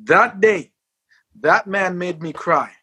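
A man, a former sprinter, telling his life story in an interview, acting out quotes and shouting at the peaks. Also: high voice, takes it slowly, slightly rough.

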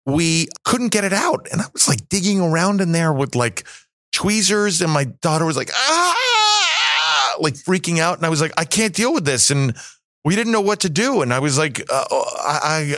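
A man's voice: on the high side, animated, a little fast, fairly bright tone, dry recording. A man in his forties talks casually as a podcast guest, rambling through stories and restarting sentences. He jokes at his own expense. The recording is close and dry with no room sound. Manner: rambling, self-mocking, many fillers and restarts. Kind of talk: casual chat.

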